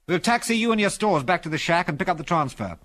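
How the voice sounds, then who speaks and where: A man's voice: sits high, lively intonation, fast talker, a bit bright, pitched above the performer's own voice. A man reading aloud and voicing a decisive male pilot leader in a clipped, commanding manner. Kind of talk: audiobook character voice.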